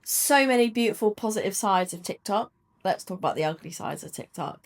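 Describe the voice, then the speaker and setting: A woman's voice: medium pitch, animated, a little fast. A woman hosting a podcast interview, asking questions in an encouraging way. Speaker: podcast host. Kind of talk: interview conversation.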